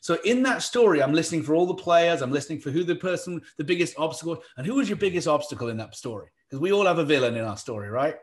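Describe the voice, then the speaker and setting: A man presenting a virtual hiring workshop from his home office over a video call, chatty and energetic, with many fillers and restarts. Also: a little high, fast, few pauses. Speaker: talent strategy speaker.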